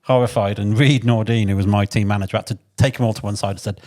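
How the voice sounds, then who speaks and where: A man's voice: fairly low pitch, quick pace, a little hiss or hum. English man telling rowdy racing stories. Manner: animated anecdotes, swears freely, acts out shouted quotes. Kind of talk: casual storytelling chat.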